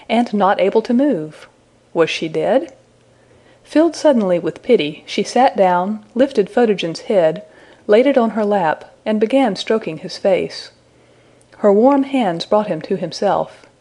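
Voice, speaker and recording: A woman narrating a fairy tale as a scripted audiobook reading, in a measured storytelling manner. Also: medium pitch, warm tone.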